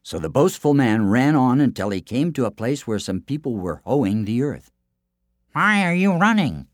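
A man narrating a children's folk tale in an expressive storybook style. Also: mid-range voice, normal speed, no echo, clean studio sound. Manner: expressive, lively reading aloud.

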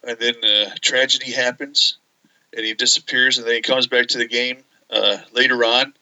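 A man co-hosting a casual podcast, talking in halting, stop-start phrases and speaking about things he loves with enthusiasm. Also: medium pitch, steady tone, sharp tone, lo-fi sound. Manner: halting, many fillers and restarts, enthusiastic. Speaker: podcast co-host. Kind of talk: casual chat.

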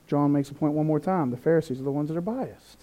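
High-voiced, mellow preacher. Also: male voice, fast talker. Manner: animated preaching, acts out quoted voices, big swings in pitch and loudness. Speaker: pastor. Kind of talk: sermon.

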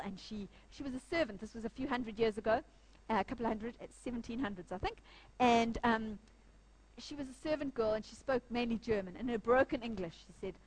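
Earnest New woman preaching. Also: on the high side. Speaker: church speaker. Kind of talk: sermon. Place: church.

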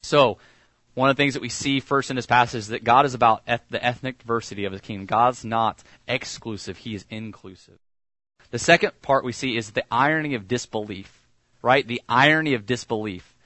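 A man preaching a sermon in a conversational way, often dropping soft and low on key lines. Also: fairly quick, dry recording. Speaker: pastor.

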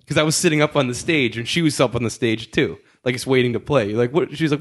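A man's voice: mid-range voice, fast. A young man hosting a podcast, telling a story in casual chat, laughing often and acting out the voices of the people in it. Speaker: podcast host.

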